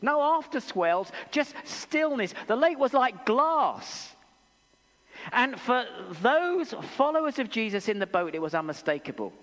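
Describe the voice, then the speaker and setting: A man with an English accent preaching a sermon in a church, telling stories with animated, acted-out voices. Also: extremely high pitch, a little slow. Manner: animated storytelling, acts out voices. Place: church hall. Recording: long church reverb.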